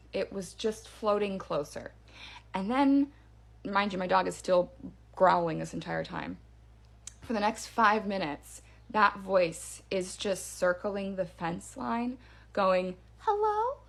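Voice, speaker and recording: A woman recounting a creepy encounter in a chatty, unscripted way. She talks with plenty of ums and likes, and her voice swings up high when she acts out what she heard. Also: creaky. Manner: animated, spooky retelling with fillers. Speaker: storyteller. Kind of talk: casual first-person ghost story.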